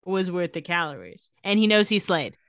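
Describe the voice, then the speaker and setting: A woman co-hosts a podcast, recapping episodes in casual chat and acting out quotes with jokes. Her voice is on the low side, very animated and a bit bright, at a normal speed, with clean studio sound and no echo.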